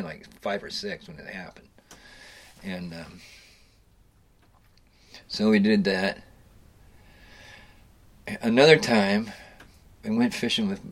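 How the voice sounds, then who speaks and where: A middle-aged man casually telling rambling fishing stories, swearing freely and restarting his sentences. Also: lowish voice. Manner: rambling, profane, with frequent restarts and chuckles. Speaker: storyteller recounting fishing trips. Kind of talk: casual spoken storytelling.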